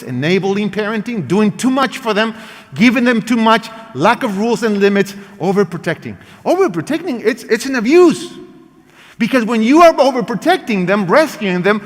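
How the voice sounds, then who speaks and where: A man presenting a parenting workshop in a lively teaching style, emphatic and animated, speaking English with non-native phrasing. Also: high voice. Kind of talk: lively teaching talk acting out parent and child lines. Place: church hall. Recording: long reverb of a large hall.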